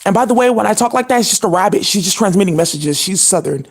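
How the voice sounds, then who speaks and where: Talking to camera at length, a channel host rambles from point to point in a husky, middle-pitched voice. The delivery is fast and expressive, and the content is profane and indignant, packed with fillers and restarts.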